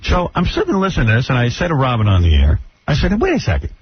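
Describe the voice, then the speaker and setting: A man's voice: mid-range voice, huge pitch swings, fast, breathy edge, no echo. A middle-aged man, a radio show host telling a story in a brash, mocking way. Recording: dull lo-fi radio broadcast.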